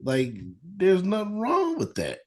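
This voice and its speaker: A man joining a podcast as a guest, talking in measured casual chat and repeating his points. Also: high-pitched, huge pitch swings, a little mellow.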